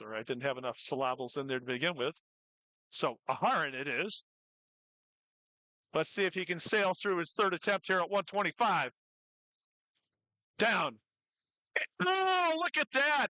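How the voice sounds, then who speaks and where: A meet commentator calling live weightlifting attempts, who cheers lifters on excitedly and drops jokey asides between lifts. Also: mid-range voice, moderate pace, pauses often, no room sound, rough recording.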